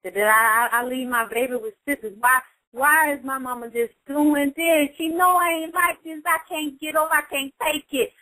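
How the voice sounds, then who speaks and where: A woman's voice: medium pitch, steady tone, brisk, pushed and bright, close to an everyday voice, rough recording. A woman voicing a grown daughter who pleads and stammers as she complains about her mother. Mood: hurt, pleading.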